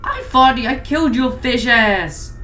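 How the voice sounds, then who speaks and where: A woman's voice: fairly high pitch, expressive, unhurried, fairly bright tone, a little hiss or hum, voice pushed up. A woman voicing a crude, brash male moon-headed burger mascot who trash-talks and screams profanities. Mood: taunting shouts.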